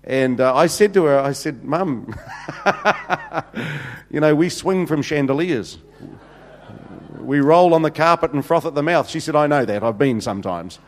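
In a church hall thick with long reverb, a middle-aged senior pastor delivers a humorous, anecdotal sermon full of fillers. His voice sits on the high side with wildly swooping pitch, and he speaks unhurriedly, pausing often.

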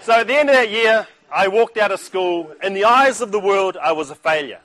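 A middle-aged man preaches at a Christian breakfast, sharing his own story. His voice sits a little high for a man, and he keeps the telling lively and humorous, acting out each person he quotes. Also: fairly quick. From New Zealand. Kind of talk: testimony sermon with storytelling.

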